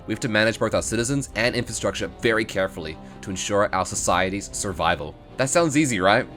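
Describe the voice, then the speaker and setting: A man's voice: lowish voice, lively intonation, fast, a bit bright, soft background music. A man giving playful, joking commentary on a video game as a streamer. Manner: playful, joking, laughs often.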